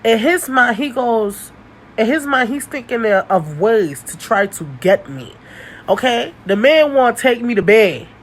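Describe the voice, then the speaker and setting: A woman's voice: fairly high pitch, animated, unhurried, rough recording. A young woman telling a story about her dating life in a casual vlog. She talks bluntly and animatedly, swears, and laughs often. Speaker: storytime vlogger.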